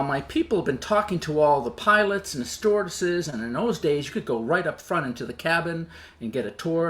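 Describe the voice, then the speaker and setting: A man telling a personal story on stage in an animated, self-deprecating way, acting out the dialogue as he goes. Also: on the high side, a little hiss or hum.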